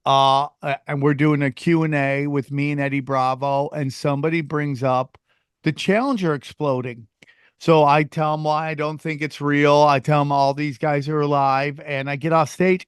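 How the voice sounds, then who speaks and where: A man hosts a podcast in relaxed conversation and tells stories with animation, acting out what other people said. His voice sits a bit high and sounds dry and close to the mic. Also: moderate pace, clean tone, no room sound. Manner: animated storytelling, acts out quoted people. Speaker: podcast host and comedian. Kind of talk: casual chat.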